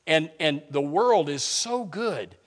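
A man preaching a sermon, swinging from quiet asides to loud, impassioned preaching, with halting restarts and repeated words. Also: a little high, animated.

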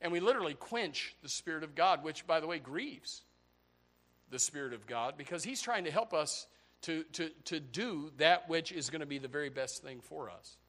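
High, bright-voiced male preacher. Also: expressive, normal speed. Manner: emphatic preaching, swinging between loud and hushed, many repeats. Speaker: pastor. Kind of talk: sermon. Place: church.

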